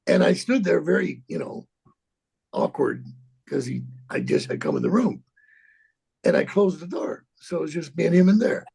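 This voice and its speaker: Gravelly husky older man telling a story. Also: a little high, a little mellow. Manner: rambling, profane, halting with repeats and laughs. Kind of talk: anecdotal storytelling in an interview.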